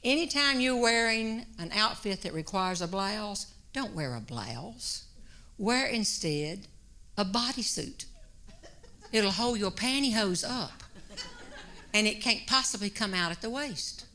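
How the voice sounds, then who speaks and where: A woman's voice: medium pitch, lively intonation, unhurried, pushed and bright. A Southern woman quoting a confident, matter-of-fact female fashion consultant in her comic story.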